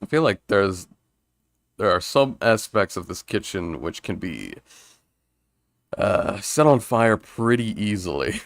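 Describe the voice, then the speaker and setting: A man's voice: fairly low pitch, big pitch swings, measured pace, creaky, long pauses, no room sound. A man streaming a video game, commenting casually and rambling with lots of filler words.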